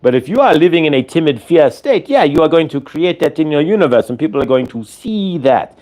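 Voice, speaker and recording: Very animated and brisk, this host's fairly high voice carries a slight mellowness. The channeled spiritual teaching he gives speaks as "we," instructing and repeating itself as it loops back over its points.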